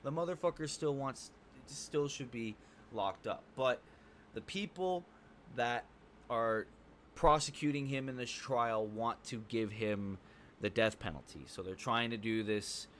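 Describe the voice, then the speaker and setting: A man's voice: mid-range voice, a little slow, a bit bright, a little hiss or hum. A man giving a casual spoken movie review, blunt and profane, rambling with fillers like "um" and "like".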